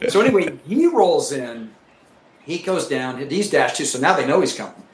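Ex-pilot guy spinning crude war stories, voice a little high, roomy echo. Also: moderate pace. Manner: profane, animated, acts out quotes. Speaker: former military pilot telling war stories. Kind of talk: casual storytelling chat. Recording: echoey room with faint noise.

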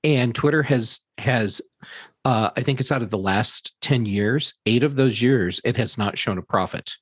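A man co-hosting a casual panel discussion, giving measured, thoughtful analysis with some restarts. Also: medium pitch, fairly bright tone, breathy edge, dry recording.

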